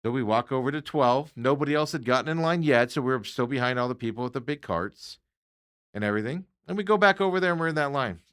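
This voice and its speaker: Here a fast-talking man with a mid-range, clean-toned voice hosts a podcast. He relates an everyday run-in with casual exasperation and lots of animation, acting out other people's words in quotes.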